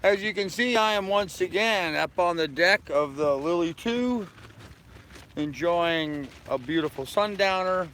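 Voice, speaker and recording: A man's voice: high voice, animated, a little slow, fairly bright tone, a little hiss or hum. An older man chatting casually and rambling on a live stream from the deck of his sailboat, talking to viewers and his dog. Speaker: sailing vlogger.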